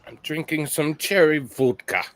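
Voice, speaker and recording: A man's voice: fairly high pitch, animated, normal speed. A man hosting a casual evening build-and-chat, joking and teasing his friends. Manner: jokey, teasing, swears casually. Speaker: host.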